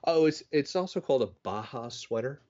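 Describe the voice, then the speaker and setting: There's background noise behind this man in his thirties, whose mid-range voice is expressive and a little fast. As a podcast co-host in casual chat, he tells rambling, filler-packed stories that mock himself, all on dull lo-fi audio.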